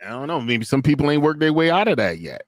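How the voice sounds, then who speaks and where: A man's voice: on the high side, fast talker, no room sound. A man co-hosting a video reaction show, telling slangy stories in casual chat. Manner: animated storytelling, slangy.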